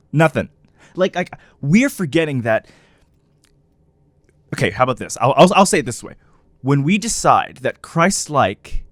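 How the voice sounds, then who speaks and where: A man co-hosting a podcast, his voice climbing and dropping all over the place as he riffs and laughs. He talks with a touch of higher pitch and an emphatic, preaching edge. The sound is dry and close. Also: no echo. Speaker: podcast co-host. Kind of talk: casual podcast chat.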